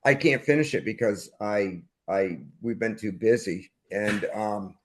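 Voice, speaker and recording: An older man with a fairly low voice chats loosely as a podcast guest. He rambles, restarts and trails off, circling back to the same point. He speaks from home over a remote call. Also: takes it slowly, a bit bright. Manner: rambling, self-interrupting, trails off. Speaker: punk band frontman, guest. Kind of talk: casual conversation. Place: at home, dog nearby.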